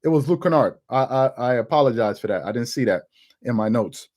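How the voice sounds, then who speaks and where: A man's voice: medium pitch, animated, fairly quick, a little mellow. A man hosting a live sports talk stream, talking through his notes, repeating words as he goes and answering chat comments. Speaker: sports talk show host.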